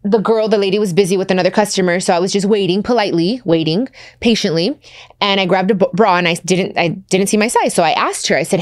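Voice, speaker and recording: A woman in her thirties hosting a podcast, telling stories in casual chat with lively quoted asides. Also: medium pitch, fast, no echo, clean studio sound. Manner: chatty storytelling with animated quoted asides. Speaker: podcast host.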